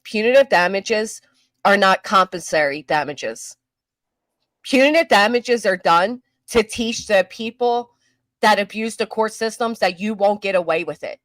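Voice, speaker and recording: A woman's voice: a little high, a bit bright, no room sound. Brash, profane woman hosting a stream. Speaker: host. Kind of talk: casual live-stream chat.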